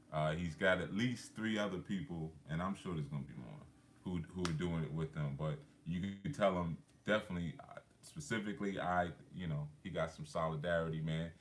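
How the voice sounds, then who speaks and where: A man's voice: low voice, a little hiss or hum. A man hosting a live stream, chatting casually and reading out viewer comments in a laid-back way. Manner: laid-back, chatty, many fillers, laughs often.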